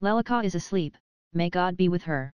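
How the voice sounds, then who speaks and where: A woman's voice: lowish voice, lively intonation, brisk, clear, resonant tone, no echo, highs cut off, close to an everyday voice. A woman reading the part of a frightened, superstitious old nurse with a trembling, doleful voice. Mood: worried.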